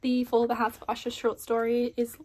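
A woman's voice: fairly high pitch, monotone, a little fast, darkish tone. A young woman chatting casually to camera about her reading, candid and full of little fillers. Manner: chatty, candid, peppered with "like" and "I don't know". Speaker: book vlogger. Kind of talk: casual reading vlog chat.

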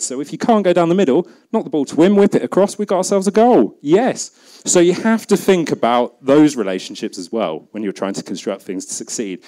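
A man's voice: medium pitch, darkish tone. A man with a British accent giving a humorous conference talk, chatty and jokey, acting out bits of imagined dialogue. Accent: British English. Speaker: conference speaker. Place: conference event.

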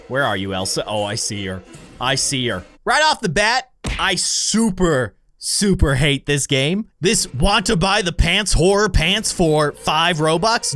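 A man giving jokey let's-play commentary, swinging between shrieks and deadpan asides. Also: mid-range voice. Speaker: gaming YouTuber.

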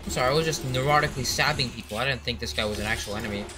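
A young man giving rambling, excitable commentary while playing an online game, with sudden outbursts. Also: medium pitch, very fast. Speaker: gaming commentator. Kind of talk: casual gameplay commentary. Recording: noisy game audio behind.

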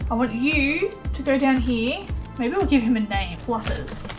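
A woman's voice: a little high, expressive, measured pace, a bit bright, soft background music. A young woman chatting through a life-sim game, bossing the characters around and laughing often. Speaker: let's play gamer. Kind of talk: casual gameplay commentary.

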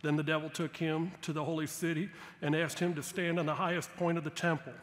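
A man preaching a sermon as guest pastor, emphatic and rising loud on his key points. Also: on the high side, flat delivery, brisk. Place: church sanctuary. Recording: long church hall reverb.

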